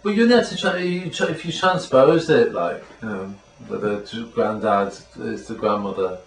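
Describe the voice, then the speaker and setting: A man with a lowish, gravelly voice offers thoughtful advice in a relaxed chat. He sounds distant from the mic, in an echoey room. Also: normal speed. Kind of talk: casual chat.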